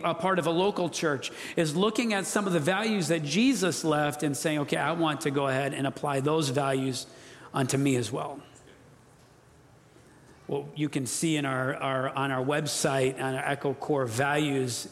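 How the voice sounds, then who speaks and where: A pastor preaches in earnest, pressing his points and having the room repeat key phrases. His voice sits fairly high for a man. The sound rings out with the long reverb of a church hall. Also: moderate pace. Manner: earnest, emphatic, leads congregation call-and-response. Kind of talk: sermon. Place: church sanctuary.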